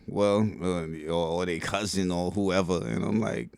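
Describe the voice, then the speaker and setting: A middle-aged man with a Bronx New York accent, telling stories in a relaxed, slangy way for his video channel. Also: sits low, normal speed, vocal fry, few pauses, smooth, no room sound. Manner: relaxed street slang, keeps saying "you know what I'm saying". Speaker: vlogger. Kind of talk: casual storytelling monologue.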